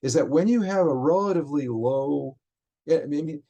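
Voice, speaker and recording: A man, a software developer, explains technical details in conversation, often stopping and restarting his phrases. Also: a little high, animated, dull audio. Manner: halting, frequent restarts while explaining.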